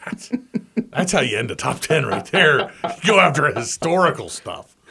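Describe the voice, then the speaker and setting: Lively male co-host, quick to react. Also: medium pitch, vocal fry, husky. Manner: animated banter, quick reactions. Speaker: sports radio co-host. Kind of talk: casual sports talk.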